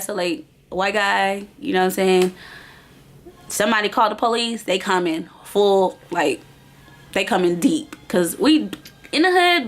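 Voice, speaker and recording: A woman's voice: mid-range voice, fairly bright tone. A young woman vlogger telling a storytime in casual, slangy chat, acting out the voices of everyone in it.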